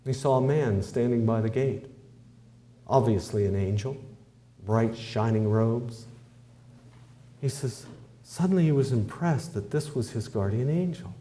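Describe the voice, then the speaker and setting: Man for a folksy testimony, mellow, mid-pitched, homespun storyteller. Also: measured pace, long pauses. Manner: homespun, conversational, with fillers and "I says". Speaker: testimony speaker.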